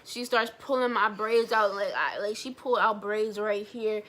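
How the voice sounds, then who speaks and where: A young woman vlogger telling a personal story in a blunt, animated way, swearing freely. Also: mid-range voice, moderate pace. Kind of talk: storytime vlog.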